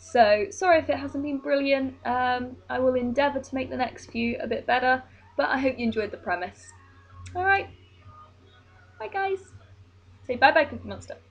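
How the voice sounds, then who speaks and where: A woman's voice: high voice, normal speed, dull audio. A woman vlogging at home, giving mock-earnest sarcastic travel advice into her laptop's built-in webcam mic. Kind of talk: satirical vlog.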